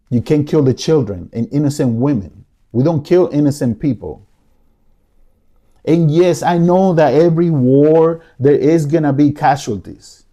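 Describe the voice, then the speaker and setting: Impassioned man with a mellow voice. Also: on the high side. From United States. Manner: emotional, pleading, repeats himself. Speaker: podcast host. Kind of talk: impassioned solo commentary. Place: living room.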